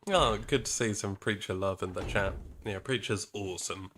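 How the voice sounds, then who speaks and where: A British man chats easily on a stream, agreeable and relaxed. His voice is on the low side. A faint noise sits under the recording. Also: normal speed. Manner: easygoing, agreeable, with laughs. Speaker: streamer co-host. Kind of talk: casual chat.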